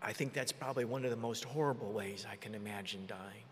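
Preacher in a reverberant hall. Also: male voice, on the low side, quick pace, a little hiss or hum. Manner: emotional, swings from quiet to loud. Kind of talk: sermon storytelling. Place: large meeting hall.

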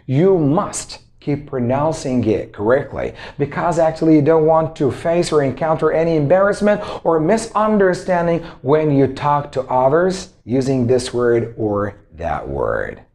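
Man, English teacher, motivational lesson, words repeated for drilling, lively swinging pitch. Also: unhurried, few pauses. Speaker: English teacher and self-improvement coach.

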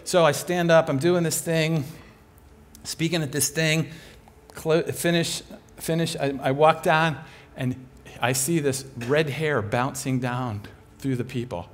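A man preaching a sermon as an animated, humorous storyteller. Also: a little high, measured pace.

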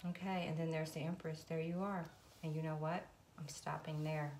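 A woman's voice: sits low, little pitch movement, moderate pace. A woman doing a casual tarot reading on video. She talks to her viewers, calls on spirit between cards and swears freely. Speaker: tarot reader. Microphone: phone. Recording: echoey room with loud noise.

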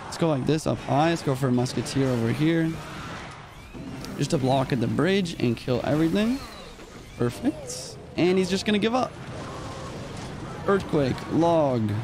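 A young man streaming a mobile game, calling out each move in quick play-by-play while a little short on sleep. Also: mid-range voice, background noise. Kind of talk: live gameplay commentary.

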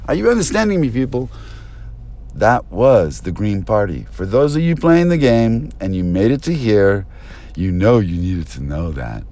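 A man talks in an unhurried, meandering ramble that leaps from topic to topic with a conspiratorial edge. His pitch swoops widely up and down, and the binaural pickup puts him close and spatial in the ear. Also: darkish tone. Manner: erratic, conspiratorial, jumps between topics. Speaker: self-styled press speaker. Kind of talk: rambling stream-of-consciousness monologue.

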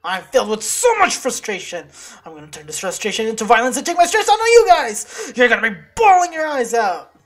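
A woman's voice: medium pitch, big pitch swings, moderate pace, soft background music. A woman voicing a bitter, vengeful wooden base from a video game, reading its lines in a plain, lightly dramatic way. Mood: resentful.

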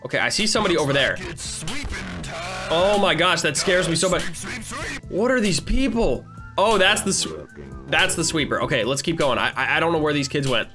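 Excitable, giggly man gaming. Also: on the high side, fairly quick, long pauses, over music. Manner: excitable, giggly, playful taunting. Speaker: gaming channel host. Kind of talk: gameplay commentary.

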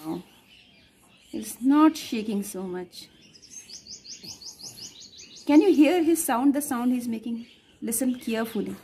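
A woman's voice: on the high side, expressive, takes it slowly, pauses often, warm tone, slight background noise. A middle-aged woman chatting fondly in a casual home video, outdoors at home, filmed on a phone held by her daughter. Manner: fond, chatty, coos to the dog. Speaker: dog owner and mother. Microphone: phone camera held by her daughter.

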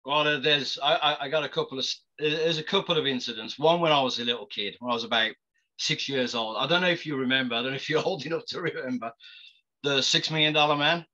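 A man's voice: medium pitch, fast talker, bright, forceful tone, highs cut off. A man, an actor, casually telling stories with frequent laughs and stumbling restarts. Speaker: actor guest. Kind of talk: casual storytelling.

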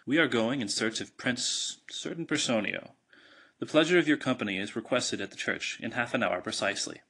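A man voicing a charming but sharp old fairy godmother in a storybook reading, with a husky, brisk delivery. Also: mid-range voice, expressive, full character voice. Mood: grand.

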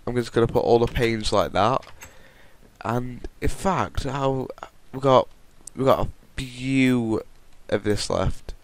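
A man's voice: medium pitch, slow pace. A man casually commenting on his building game, rambling and correcting himself as he goes. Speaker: Minecraft let's play host.

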